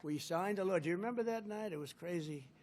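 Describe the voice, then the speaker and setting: An older man giving a rambling, boastful rally speech, swinging from loud outbursts to muttered asides. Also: sits high, quick pace, a little hiss or hum. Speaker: politician addressing a rally.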